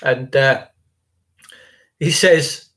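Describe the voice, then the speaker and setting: A man's voice: medium pitch, very slow, a bit bright. A man telling a rambling story in a chatty, emphatic, repetitive way. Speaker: vlogger.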